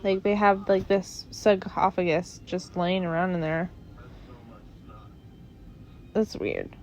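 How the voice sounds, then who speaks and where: A woman's voice: lowish voice, steady tone, takes it slowly, a little hiss or hum. A young woman hosting her own podcast in casual chat, rambling and giggly, often trailing off into mumbles. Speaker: podcast host.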